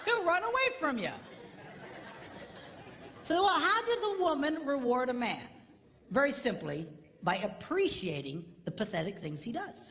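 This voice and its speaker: A middle-aged marriage seminar speaker with an extremely high voice talks unhurriedly, pausing often, while a faint crowd is audible. His comedic marriage talk is animated storytelling with mimicked voices, jokes and punchlines, recorded with long hall reverb and faint noise.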